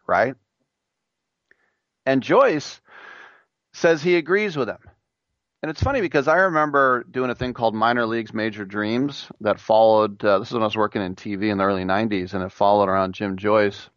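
A middle-aged man hosting a sports talk show, animated and joking, acting out quoted voices as he rants. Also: on the low side, dry recording, dull audio. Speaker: sports radio host. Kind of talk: solo sports talk monologue.

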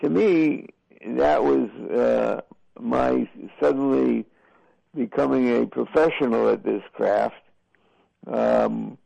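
Older male broadcaster in an interview, deep gravelly rasp, unhurried and halting, on a dull lo-fi recording. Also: dark tone, no room sound. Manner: slow, halting storytelling with many fillers. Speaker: boxing broadcaster. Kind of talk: reflective interview answers.

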